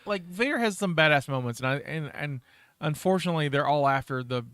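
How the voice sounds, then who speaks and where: Rambling animated man, fairly high voice. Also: fast talker, clear, resonant tone, dry recording. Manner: animated, rambling, many restarts. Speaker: podcast co-host. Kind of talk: casual chat.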